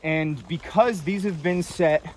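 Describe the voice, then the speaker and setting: A man's voice: fairly high pitch, slow, a little hiss or hum. Winded young man ranting on a trail. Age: young adult. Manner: opinionated, rambling, lots of fillers. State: out of breath. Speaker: vlogger hiking. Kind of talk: casual ranting monologue. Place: outdoors on a mountain trail. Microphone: handheld camera.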